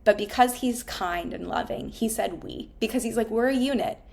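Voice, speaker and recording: A woman's voice: medium pitch, moderate pace, creaky, a little mellow. A woman in her thirties, a therapist, talking candidly and emotionally about her own life, swearing often. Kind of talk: reflective personal monologue.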